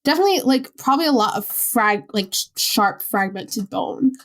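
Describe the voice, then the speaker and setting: A woman with a Long Island New York accent, co-hosting a casual podcast chat in an animated, chatty way. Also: on the high side, moderate pace. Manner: chatty, animated, laughs easily. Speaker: podcast co-host.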